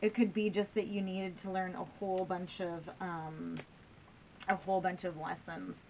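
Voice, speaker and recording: A woman with a lowish voice reads tarot cards for her viewers in an encouraging, conversational way. She checks in often with "right?" and "okay?" as she talks. A steady background noise sits under her voice. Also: normal speed, vocal fry, poor audio. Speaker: tarot reader. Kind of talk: casual tarot reading to viewers.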